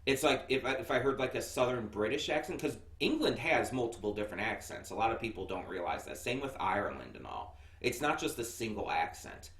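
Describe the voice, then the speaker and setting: A man's voice: mid-range voice, very animated, brisk, few pauses, fairly bright tone. An American man giving a casual anime review, chatty and rambling with lots of fillers and restarts. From United States. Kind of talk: casual first-impressions review. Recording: echoey room, mic set far off.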